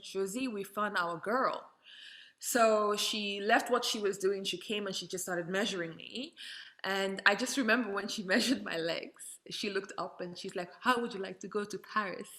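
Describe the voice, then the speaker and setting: A woman from Saint Martin talks as an interview guest with a clear, bright voice. She tells her story casually and animatedly, slipping into the voices of people she quotes and laughing along the way. Her pitch sits in a middle range. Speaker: interview guest, model and doll entrepreneur.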